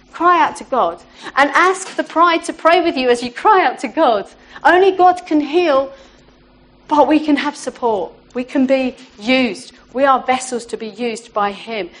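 A woman gives an informal, heartfelt sermon to her church. Her voice sits a little high, and she talks in a conversational way, often saying "you know" and restarting her sentences. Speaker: church speaker.

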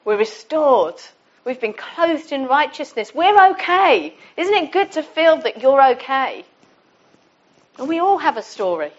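A woman's voice: high voice, big pitch swings, measured pace. A middle-aged woman giving an informal, conversational sermon to her church. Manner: warm, conversational, with restarts. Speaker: church speaker. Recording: dull lo-fi sound.

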